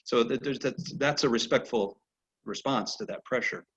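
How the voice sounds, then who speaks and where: A man teaching a horse training lesson over a video call, telling animated stories and acting out the horses' replies. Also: mid-range voice, moderate pace, husky. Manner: animated storyteller who acts out horses' replies. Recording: dull lo-fi video call audio.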